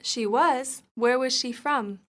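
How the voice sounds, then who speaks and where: A woman reading scripted dialogue for an English lesson, in a clear, even manner. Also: sits high, slow.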